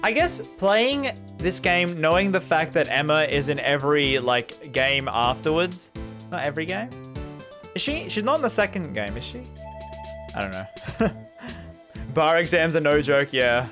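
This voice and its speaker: Excitable young male streamer, lively pitch. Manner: excitable, chatty, quick to laugh, filler-heavy. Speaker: gaming streamer. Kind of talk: casual live-stream commentary, reading game text aloud. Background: game music.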